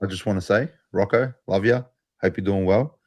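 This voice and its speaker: A man's voice: lowish voice, normal speed, lo-fi sound. A man, guesting on a casual sports chat. He speaks bluntly and swears freely. His manner is loose and casual. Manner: blunt and swearing, warm farewells.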